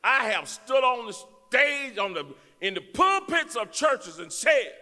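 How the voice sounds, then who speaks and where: A man preaches from a church pulpit in a folksy, emphatic style that climbs into shouts. His voice sits very high and sounds sharp and forceful. Long reverb from the sanctuary hangs on every phrase. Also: very animated, a little slow, few pauses. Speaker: guest speaker, elected official. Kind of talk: fiery preaching.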